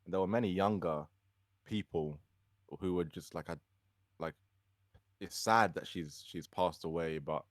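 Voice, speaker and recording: A young man from the UK with a very low voice, talking casually and hesitantly on a podcast, full of "um" and "like." The recording is dry and close. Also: a little slow, long pauses, no echo. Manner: hesitant, lots of fillers, laughs as he tells a story. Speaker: podcast co-host. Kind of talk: casual chat.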